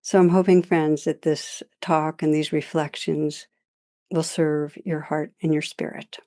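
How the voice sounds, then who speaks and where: An older woman giving a reflective meditation talk, gently telling stories and laughing softly. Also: sits low, level tone, measured pace. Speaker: meditation teacher. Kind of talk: dharma talk.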